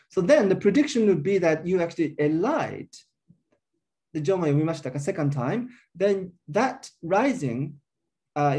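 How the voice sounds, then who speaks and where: Lively, mellow-voiced man giving a linguistics lecture. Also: on the high side. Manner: explanatory, thinking aloud with frequent uh and um. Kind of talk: academic colloquium lecture.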